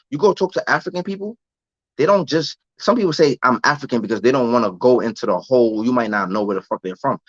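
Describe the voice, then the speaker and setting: Young american dude ranting on stream, lotsa slang, dull lo-fi dry sound. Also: male voice, mid-range voice, a bit bright, no echo. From United States. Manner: loose, street-slang, repeats phrases. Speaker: live-stream host. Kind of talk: casual live-stream rant.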